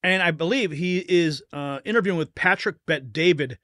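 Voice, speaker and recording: A man hosts a live political stream, reacting fervently and emotionally to the clips he plays. His voice is bright and forceful, and it sits a touch above the usual male pitch. The sound is close and dry. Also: normal speed, no room sound. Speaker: political news host.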